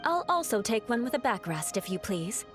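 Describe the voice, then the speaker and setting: A woman's voice: fairly high pitch, sing-song, moderate pace, over music. A woman voicing a stern, proud young knight in a video game, formal and commanding. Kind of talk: game voice acting.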